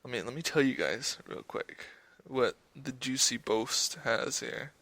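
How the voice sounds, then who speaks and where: A young man co-hosting a podcast, telling a story in a loud, profane, laughing way. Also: mid-range voice, expressive, unhurried, slight background noise, low-quality recording. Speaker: podcast co-host. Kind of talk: casual chat.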